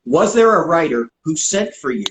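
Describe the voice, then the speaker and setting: A man hosts an interview and asks relaxed, joking questions. His voice sits a little high. The room around him echoes noticeably. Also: moderate pace. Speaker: interview host.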